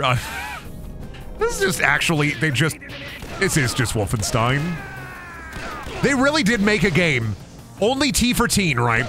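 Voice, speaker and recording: A man streaming a video game, talking in a crude, rambling, joking way. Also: on the high side. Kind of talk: gaming stream commentary.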